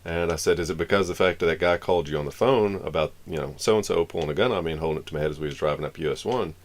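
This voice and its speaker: Rapid-fire and deep-voiced, a Florida man tells a long story on a live stream in a loose, rambling way, playing out the lines of everyone in it.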